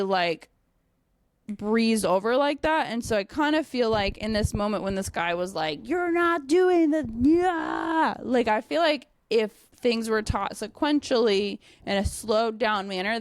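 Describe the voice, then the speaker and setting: A young woman and dog trainer telling a casual story, animated, with many fillers and frequent swearing. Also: a little high, clean tone, no echo, studio quality. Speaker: dog trainer and company owner.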